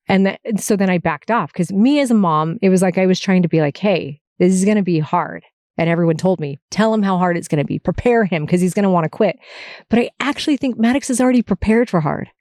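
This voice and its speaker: A woman's voice: on the low side, quick pace, a little mellow, dry recording, studio quality. A middle-aged woman hosting her podcast, telling a personal story in a candid, chatty way with small laughs and restarts. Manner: candid, chatty, frequent laughs and self-corrections. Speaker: podcast host. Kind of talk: emotional personal monologue. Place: parked car.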